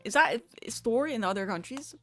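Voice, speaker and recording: A woman's voice: fairly high pitch, expressive, a little fast, bright, forceful tone, soft background music. A young woman from the Netherlands with a Dutch accent, chatting casually on a live stream and laughing often.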